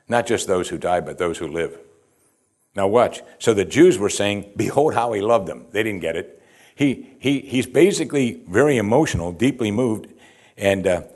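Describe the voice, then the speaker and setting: A man's voice: fairly low pitch, darkish tone. A man preaching a sermon, reading scripture and explaining it with rhetorical questions and repeated "you see". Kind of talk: sermon, verse-by-verse Bible teaching.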